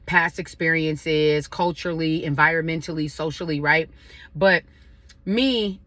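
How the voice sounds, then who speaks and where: A woman's voice: lowish voice, sharp tone, dry recording. A woman chatting casually to her viewers while eating a meal, giving relationship advice. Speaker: vlogger sharing advice. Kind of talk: casual chat over a meal.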